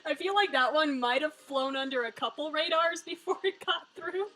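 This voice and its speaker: A woman's voice: high-pitched, normal speed, a bit bright, rough recording. A woman live-streaming a story game, giving wry, joking commentary and swearing freely. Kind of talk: casual live-stream commentary, reading game lines aloud.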